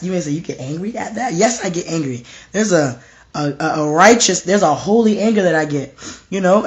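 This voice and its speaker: This is a young man preaching casually in a home room, his voice a bit hoarse and fairly high. Fervent and repetitive, he goes quiet when quoting God or his own thoughts.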